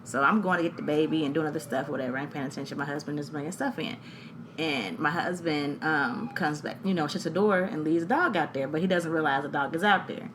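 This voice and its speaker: A woman, co-hosting a podcast and telling a story, animated and laughing, acting out voices. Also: sits low, fast talker, background noise. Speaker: podcast co-host. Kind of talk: casual storytelling chat.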